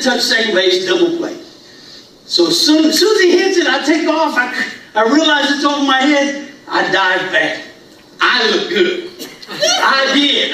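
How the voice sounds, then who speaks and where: A middle-aged man telling a funny story in a sermon, animated and laughing, acting out voices of the people in it. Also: very high-pitched, a little hiss or hum. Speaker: preacher. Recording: echoey hall, from far off.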